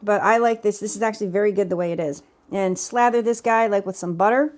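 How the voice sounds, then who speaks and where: A woman's voice: mid-range voice, quick pace. A woman giving casual, off-the-cuff cooking commentary from her home kitchen, chatty and teasing herself, speaking off camera. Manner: chatty, self-teasing, talks while tasting. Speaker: cooking vlogger. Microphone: camera mic, speaker off camera.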